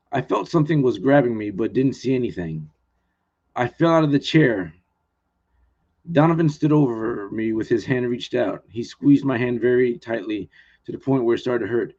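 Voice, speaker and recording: A man's voice: medium pitch, lively intonation, normal speed, a little mellow, breathy edge. Male author, mid-range voice, earnest first-person reading, muffled lo-fi stream sound. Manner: plain, earnest reading with small restarts. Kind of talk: live reading of his own novel.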